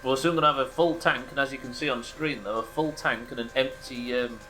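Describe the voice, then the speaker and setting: A British man with a bright, forceful voice keeps up a running stream of dry, joking chatter as he plays a game live. His pitch sits in an ordinary middle range, and faint music plays under his talk. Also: a little fast. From Britain. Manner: dry, joking banter with chat. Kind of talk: casual live-stream commentary to chat.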